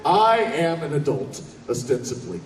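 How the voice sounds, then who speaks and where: A man telling a comic story on stage in a convention hall, animated, profane and laughing. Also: a little high, measured pace, background noise. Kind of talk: stand-up storytelling. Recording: echoey hall from far off.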